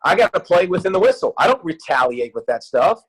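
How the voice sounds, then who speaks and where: A man in his thirties, a youth football coach, talking in an excited, rambling way with many restarts in a casual interview. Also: high voice, brisk, breathy edge, poor audio.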